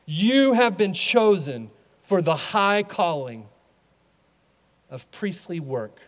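A man preaching a sermon as a pastor, animated, acting out voices in his stories. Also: high voice, slow pace, long reverb tail.

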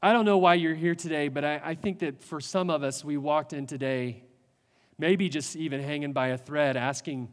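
A man preaching a sermon as a pastor, earnest, building with rhetorical questions and pauses. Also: a little high, long reverb tail.

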